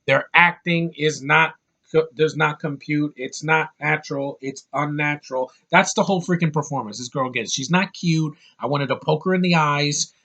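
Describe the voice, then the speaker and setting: A man's voice: on the high side, moderate pace, bright, forceful tone, lo-fi sound. A man giving an angry, profane film review, full of sarcastic asides. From United States. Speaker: movie reviewer.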